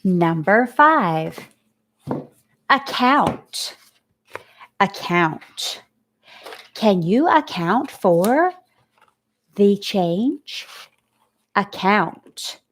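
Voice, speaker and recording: A woman teacher giving a recorded phonics lesson to young students, slowly sounding out letters and praising her pupils. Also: medium pitch, very animated.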